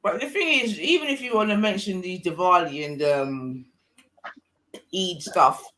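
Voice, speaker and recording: Man, fairly high bright voice, hesitant slangy chat, faint noise behind. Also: measured pace. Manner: hesitant, filler-heavy, slangy. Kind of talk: casual chat.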